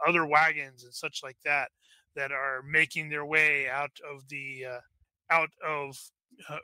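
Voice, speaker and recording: A man runs a tabletop game, narrating in a loose, rambling way full of fillers and restarts. His voice sits a bit high and sounds very bright and crisp, with a dry, close sound. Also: no echo. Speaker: game master.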